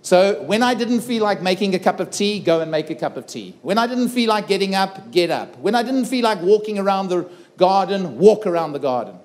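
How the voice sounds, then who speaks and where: Middle-aged man, keynote speaker on a festival stage, fairly high voice, earnest dramatic storyteller. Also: animated, a little fast, hardly any pauses, a little mellow. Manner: earnest, dramatic retelling with acted-out dialogue. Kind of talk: personal storytelling talk. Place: festival stage before a live audience.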